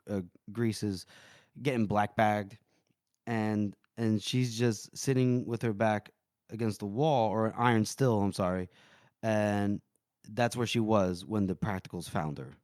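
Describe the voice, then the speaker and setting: A man's voice: lowish voice, fairly even intonation, unhurried, darkish tone, dry recording, studio quality. Casual man retelling a story. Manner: retells scenes, acting out lines in voices. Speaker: podcast co-host. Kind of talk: casual book discussion.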